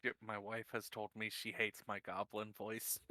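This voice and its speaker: A man's voice: on the low side, monotone, moderate pace, sharp tone, dry recording. A man playing in an online tabletop game, chatty and joking with the group. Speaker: player.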